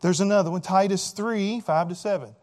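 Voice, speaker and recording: A man preaching a sermon, asking rhetorical questions with frequent "right?" tags, repeating words, and swinging between emphatic loud points and quieter asides. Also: high voice, a little fast.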